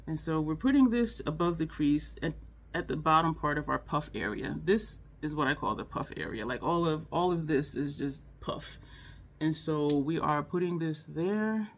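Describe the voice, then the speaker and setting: A woman's voice: sits low, vocal fry. A woman filming a casual makeup tutorial at home, chatting to viewers with frequent laughs and teary eyes. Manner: chatty, laughs often, addresses viewers as y'all. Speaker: beauty vlogger.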